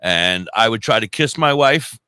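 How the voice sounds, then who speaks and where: A man co-hosting a casual comedic chat, telling animated, crude stories. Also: on the low side, moderate pace, clean tone, no echo. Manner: animated storyteller, crude jokes. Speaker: podcast co-host.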